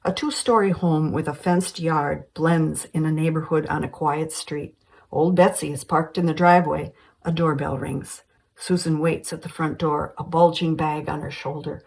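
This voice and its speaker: A woman reading a screenplay aloud, calmly stating scene headings and directions. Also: sits low, moderate pace, gravelly, poor audio. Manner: steady, matter-of-fact delivery of scene directions. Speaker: screenplay reader.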